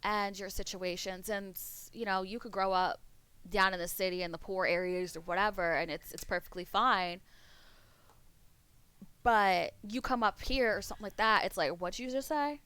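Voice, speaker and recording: Chatty streamer woman with a smooth voice. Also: medium pitch, steady tone, moderate pace, a bit bright, no room sound. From Pennsylvania, US. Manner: rambling, chatty, swears freely. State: losing her voice. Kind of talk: casual chat with stream viewers.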